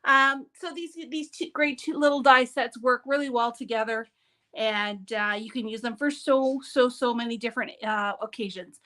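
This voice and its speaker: A woman's voice: fairly high pitch, moderate pace, sharp tone. A woman hosting a live papercraft demonstration, talking in a chatty, upbeat way and often breaking off mid-sentence. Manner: chatty, upbeat, self-interrupting.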